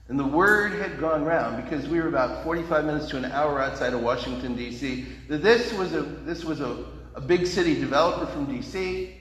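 A man's voice: medium pitch, fairly bright tone. A man preaching a sermon as a pastor, telling a story in a folksy, conversational way with asides. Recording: echoey hall reverb.

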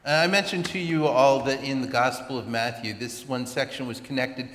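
A man, a pastor, telling a personal story in a sermon with chatty, animated asides. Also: mid-range voice, normal speed. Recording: echoey hall with long reverb.

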